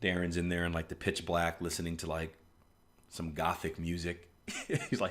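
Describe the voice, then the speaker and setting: Chatty rambling man, lowish voice. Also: completely flat delivery, normal speed, a bit bright. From US East Coast. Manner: rambling storyteller, many restarts and "like", chuckles often. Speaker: forex trading educator. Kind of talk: casual live-stream chat and chart analysis.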